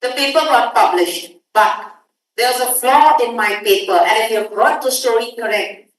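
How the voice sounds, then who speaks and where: A woman teaching a workshop, lecturing students and briskly telling them to hurry up. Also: a little high. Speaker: workshop instructor. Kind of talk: classroom lecture. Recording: echoey room audio from far off.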